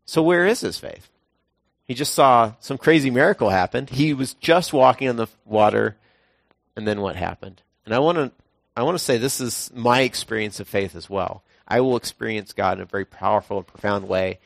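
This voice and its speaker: A young man preaching a casual, conversational sermon, telling everyday stories and now and then acting out quotes in a sudden high voice. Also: moderate pace, creaky, dry recording, studio quality.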